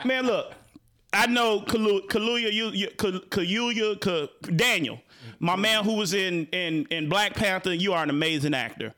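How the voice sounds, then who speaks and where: A man's voice: sits high, unhurried, bright, forceful tone. A man with a Chicago accent hosting a casual talk show, speaking animatedly with frequent repeated words and restarts. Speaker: host.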